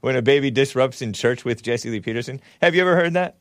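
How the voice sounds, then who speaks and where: A man hosting a talk show, giving casual political commentary in a mocking tone with laughing asides and sudden jumps in pitch. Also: lively intonation, fast, no room sound, studio quality.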